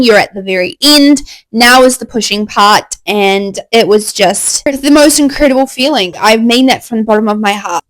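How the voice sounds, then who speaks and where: Young woman, a touch high, candid and excited, casual storytelling to camera, dry close mic. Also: no room sound, poor audio. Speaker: vlogger.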